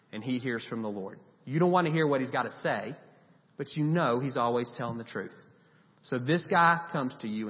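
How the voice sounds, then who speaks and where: A man preaching a sermon, retelling Bible stories in a lively, animated way and giving the people in them voices. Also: mid-range voice. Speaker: pastor. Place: church sanctuary. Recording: dull recording with long reverb.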